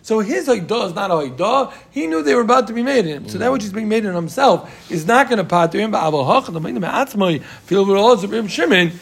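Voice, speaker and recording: High-voiced gravelly man leading a Talmud class. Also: quick pace, few pauses. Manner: animated, excitable, explains by repeating and acting out cases. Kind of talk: lively Talmud study session.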